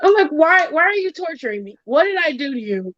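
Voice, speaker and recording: A high-voiced woman hosts a casual podcast chat and tells a story with lots of acted-out quotes and swearing. The sound is dry and a bit dull, like a lo-fi home setup. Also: a little fast, dry recording. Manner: animated storytelling, acts out quotes, swears freely. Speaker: podcast host.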